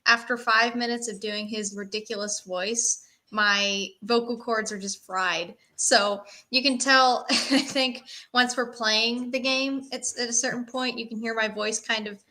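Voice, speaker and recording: A woman guest joining a livestream over a remote call, speaking a little high with a bright, forceful tone. She chats freely and keeps breaking into giggles. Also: steady tone, a little slow, hardly any pauses, slight background noise. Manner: giggly and chatty. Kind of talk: casual livestream chat. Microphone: remote call, delayed.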